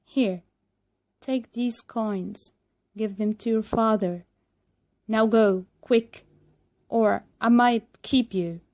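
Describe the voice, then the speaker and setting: A woman's voice: on the high side, fairly even intonation, slow, long pauses, a little mellow, no echo, clean studio sound. Woman doing a bossy puppet master. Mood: gruff.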